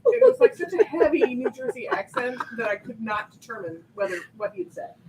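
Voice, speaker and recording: A woman's voice: fairly high pitch, wildly swooping pitch, fairly quick, very noisy. A woman from Oregon telling a funny travel story in a casual group chat, laughing as she goes.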